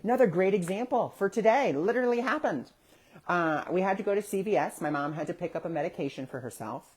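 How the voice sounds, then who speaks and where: A man's voice: sits high, expressive, fast talker, husky. A man hosting a casual spiritual talk online, telling stories animatedly and acting out the voices he quotes. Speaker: spiritual discussion host. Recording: social media live stream.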